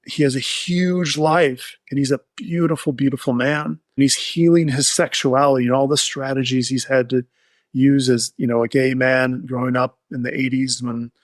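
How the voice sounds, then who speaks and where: A man's voice: medium pitch, fairly even intonation, normal speed, no room sound. A man being interviewed, telling a client's recovery story in an earnest, heartfelt, rambling way. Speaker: addiction therapist, guest.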